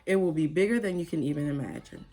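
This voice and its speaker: A woman with a somewhat low voice gives a casual, heartfelt talk straight to her viewers. She is earnest and emotional, and she rambles and restarts her sentences as she goes. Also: quick pace, mellow, soft background music. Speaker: spiritual vlogger. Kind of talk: casual motivational monologue.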